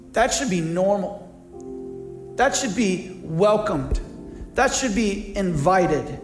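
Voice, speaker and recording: A man preaching a sermon as pastor, shifting between hushed appeals and lively, acted-out voices. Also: slow, roomy sound, faint music behind. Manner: dynamic preaching, acts out voices with big pitch swings.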